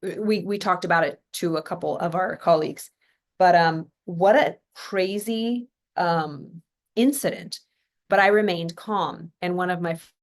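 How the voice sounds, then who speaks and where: Chatty woman from California, slightly low voice. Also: a little slow. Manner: chatty storytelling, many fillers and asides. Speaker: podcast host. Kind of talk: casual motivational talk.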